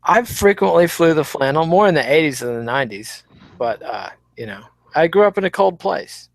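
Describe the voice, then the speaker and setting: A man's voice: on the high side, expressive, normal speed, vocal fry, no echo. A middle-aged man from the Texas Panhandle with a Midwestern accent, co-hosting a podcast in dry, wry, opinionated casual chat. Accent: Midwestern American, Texas Panhandle. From Texas Panhandle, USA. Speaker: podcast co-host.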